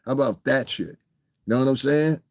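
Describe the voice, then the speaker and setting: A man with a New York accent rants into the mic at a mid-range pitch. His delivery is blunt and profane, and he keeps circling back to check that the listener is following. The recording is dry and close, with no room echo. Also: fairly quick. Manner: blunt, profane, repeats "you understand what I'm saying". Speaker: online commentator. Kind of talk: ranting livestream commentary.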